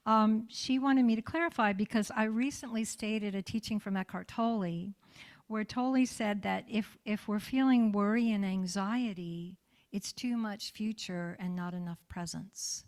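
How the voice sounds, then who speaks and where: A woman pastor giving a sermon in a church in a warm, conversational way, often checking in with her listeners. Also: medium pitch, a little slow.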